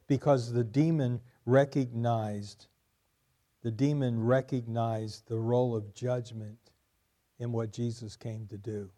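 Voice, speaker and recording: Male pastor, mellow low-key tone, emphatic sermon delivery, repeats lines for stress. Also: fairly even intonation, a little slow.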